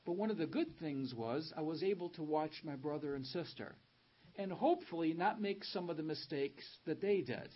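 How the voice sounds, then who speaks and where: Guy preaching a sermon, husky voice, swoops up on key words, muffled lo-fi sound. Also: a little high, lively intonation, moderate pace. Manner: emphatic, rising on key words, reads scripture aloud. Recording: dull lo-fi sound.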